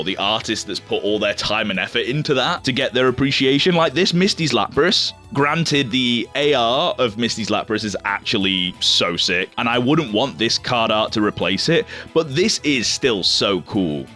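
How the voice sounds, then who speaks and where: A man's voice: fairly low pitch, bright, forceful tone. A young man, chatting casually as he opens trading card packs, rambling, swearing loosely and stumbling over names. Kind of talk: casual unboxing commentary.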